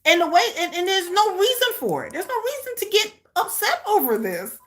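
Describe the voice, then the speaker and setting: A woman's voice: very high-pitched, sing-song, brisk. A woman hosting a casual reaction watch-along, talking bluntly and emphatically with plenty of profanity and repeated phrases for punch. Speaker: host of a live watch-along.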